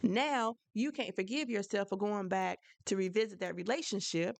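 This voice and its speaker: A woman's voice: medium pitch, moderate pace, gravelly, no room sound. A woman hosting a solo advice podcast, talking frankly and conversationally, with a preachy edge. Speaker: podcast host.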